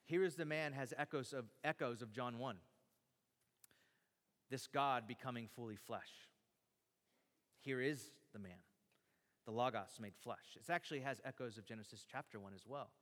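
A man's voice: mid-range voice, moderate pace, pauses often, a bit bright. A man preaching a sermon, dramatically acting out the lines he quotes. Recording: long hall reverb.

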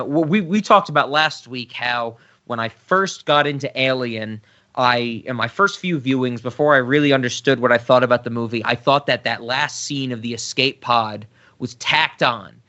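A man co-hosting a podcast, chatting casually about films and getting animated when he rants. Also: mid-range voice, muffled recording. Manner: animated, gets loud and excited when ranting. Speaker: podcast co-host. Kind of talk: casual film discussion.

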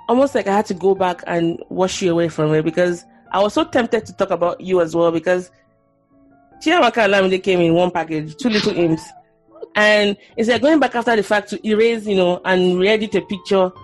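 A woman's voice: medium pitch, normal speed, soft background music. A woman hosting a podcast, speaking earnestly and reflectively and thinking aloud as she talks. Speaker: podcast host. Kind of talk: candid conversation.

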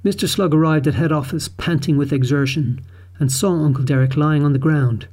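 Male narrator for a kids' audiobook, steady and clear, mellow and slightly high. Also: a little fast.

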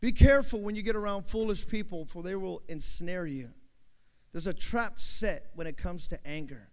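High-voiced man preaching, animated storyteller. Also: moderate pace. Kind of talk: sermon. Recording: long hall reverb.

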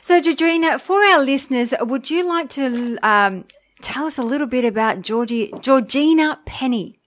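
A woman's voice: high voice, normal speed. A woman hosting a podcast, reading a scripted intro and then chatting enthusiastically with her guest. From Australia. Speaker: podcast host.

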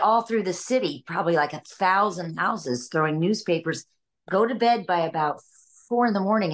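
An older woman from Illinois, a voice actress guest, chatting in an interview, laughing often between stories. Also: deep voice. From Illinois, USA. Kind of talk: casual interview storytelling.

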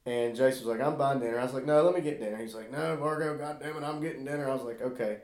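A man's voice: medium pitch, very fast, background noise. A man telling a rowdy, profane story in casual chat, laughing through his punchlines. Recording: echoey room.

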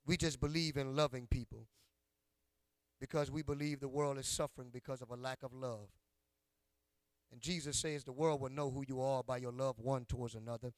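A man's voice: mid-range voice, steady tone, moderate pace, no echo. A male pastor preaching a sermon in a church, calling out to his congregation in a rhythmic call-and-response style and teasing them in a folksy, playful way. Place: church sanctuary.

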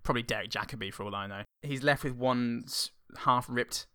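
A man's voice: medium pitch, brisk, fairly bright tone, smooth, no echo, clean studio sound. A man co-hosting a film podcast, wry and jokey in casual chat. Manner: wry, jokey, puts on silly accents. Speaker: podcast co-host.

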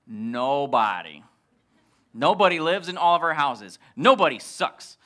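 A male pastor telling a comic story in a sermon, animated and acting out the dialogue. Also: a little high, unhurried.

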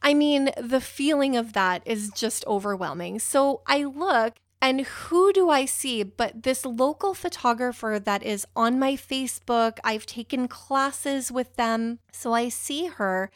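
A woman's voice: on the high side, unhurried, hardly any pauses, dry recording, studio quality. A young woman telling a personal story in a rambling, emotional way, with a few swear words.

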